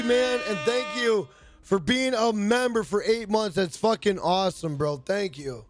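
A man's voice: extremely high pitch, a little slow. A man streaming a video game live, hyped and profane, greeting and thanking chat members. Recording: faint music behind.

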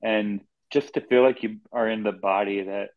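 Heartfelt low-voiced man, dull dry audio. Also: fairly even intonation, normal speed, dry recording. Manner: heartfelt, emotional. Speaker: guest. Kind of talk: candid personal talk.

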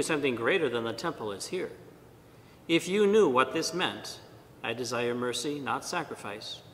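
A priest reads scripture and preaches in a measured, deliberate manner, pausing between phrases. His voice is very bright and forceful, sitting a little high for a man. It rings out with a long church reverb over a faint low rumble. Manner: measured, deliberate reading with pauses. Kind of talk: liturgical reading and homily.

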